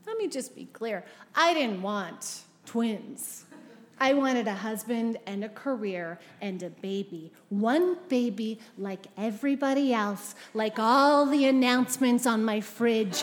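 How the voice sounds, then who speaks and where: A Canadian woman in her thirties telling a funny personal story on stage, animated and self-mocking, with quick comic asides. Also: on the high side, long reverb tail. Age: 30s. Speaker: storyteller at a live event.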